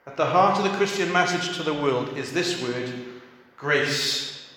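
A man preaching a sermon, telling a story and acting out the quoted voices softly. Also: on the high side, a little slow. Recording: echoey hall.

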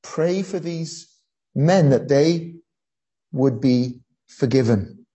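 A preacher giving a sermon, telling a story earnestly with frequent pauses and fillers. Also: medium pitch, dark tone, slightly rough, rough recording.

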